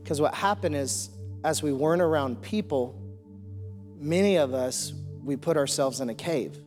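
A man preaching a sermon into a stage microphone, fervent and building to loud declarations. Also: on the high side, normal speed. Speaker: pastor. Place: large church hall. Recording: long hall reverb, faint music.

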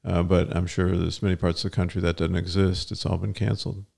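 A man's voice: deep voice, flat delivery, fast, creaky, mellow. An older man co-hosting a podcast with his daughter, musing in casual chat and cracking dry puns. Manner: musing, dry punning humor. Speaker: co-host, the host's father.

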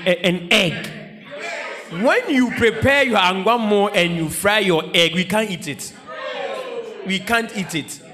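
High-voiced preacher. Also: male voice. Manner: animated, repetitive, bursts into shouts and laughter. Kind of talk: humorous sermon.

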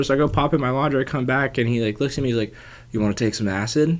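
A man's voice: medium pitch, steady tone, racing. A young man telling a long story in casual chat, laid-back, swearing and filling with "like".

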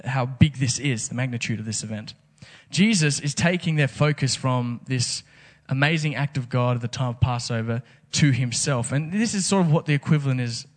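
A man preaching a casual, conversational sermon, full of rhetorical questions. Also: mid-range voice. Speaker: pastor.

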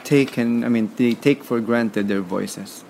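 Unhurried and a little mellow, this Filipino man's mid-range voice shows vocal fry, and there's some hiss or hum in the audio. Speaking with a Filipino accent as a podcast guest, he gives emphatic, motivational answers and repeats words.

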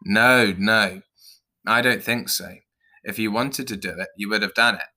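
Man as a pushy storybook owl, bright, edgy tone, lectures and swears. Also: lowish voice, unhurried. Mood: blunt. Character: blunt profane male owl predator.

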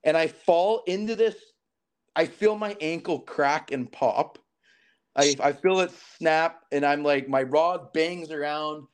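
Podcast guest, man in his 30s, from Alberta; lively raconteur who voices the people in his story, voice sits fairly high. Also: slow, clean tone. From southern Alberta, Canada. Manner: animated, acts out quoted dialogue. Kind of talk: casual storytelling.

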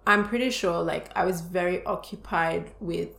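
A young woman co-hosting a casual podcast, speaking earnestly and openly and scattering "like" through her sentences. Her voice has a gravelly, creaky texture, and the room around her adds a noticeable echo. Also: lowish voice, moderate pace, fairly bright tone. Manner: earnest and open, many "like" fillers. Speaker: podcast co-host. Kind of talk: casual conversational podcast chat. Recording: roomy echo.

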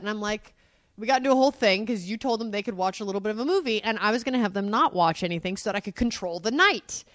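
A woman's voice: medium pitch, quick pace, a bit bright, no echo. A woman chatting casually with her partner, telling stories candidly and animatedly, with some swearing. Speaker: mother and co-host. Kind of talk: casual couple chat.

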